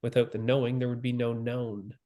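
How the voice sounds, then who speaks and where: Calm slow-spoken male spiritual teacher. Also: mid-range voice. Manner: calm, slow and repetitive, with long pauses.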